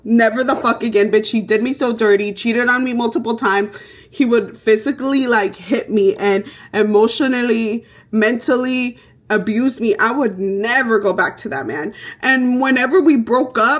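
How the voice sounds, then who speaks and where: A young woman vlogger chatting through her makeup routine, telling stories in a brash, profane, animated way. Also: a little high, normal speed. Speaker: beauty vlogger. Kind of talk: casual get-ready-with-me chat.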